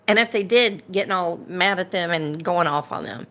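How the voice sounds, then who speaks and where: A woman with a lowish, fairly bright voice hosts a casual livestream at normal speed. She rants indignantly and greets viewers by name as they join.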